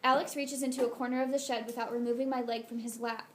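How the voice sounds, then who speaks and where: A woman reading a first-person novel aloud as an audiobook narrator, in a soft, intimate, unhurried way. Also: high-pitched, little pitch movement, slight background noise.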